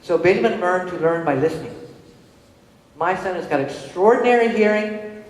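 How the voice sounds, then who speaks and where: Middle-aged woman speaker, lively storyteller who acts out each quote, echoey hall sound. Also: on the low side, moderate pace. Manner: animated, acts out dialogue in quoted voices. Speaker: speaker on disability inclusion. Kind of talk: storytelling presentation.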